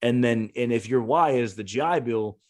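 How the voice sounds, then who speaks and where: A man's voice: mid-range voice, moderate pace, darkish tone. A man, a Marine gunnery sergeant and former recruiter, talking casually on a podcast, blunt and cursing freely as he acts out the voices in his stories.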